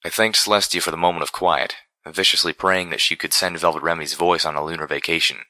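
A man narrating first-person fiction in a measured, dramatic storytelling manner. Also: low-pitched, fairly even intonation, pushed and bright, no echo. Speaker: audiobook narrator.

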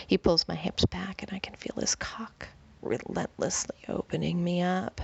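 A woman tells a first-person story in whispered role-play, her breathy whisper husky and faintly gravelly. The recording is close and dry, with slightly dull, lo-fi sound. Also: lowish voice, steady tone, measured pace. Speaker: narrator.

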